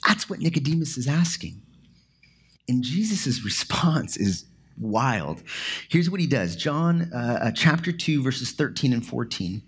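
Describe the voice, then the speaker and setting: A man's voice: mid-range voice, very animated, unhurried, slightly rough. A man giving a sermon in an earnest, conversational way, with casual fillers as he explains a passage. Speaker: pastor.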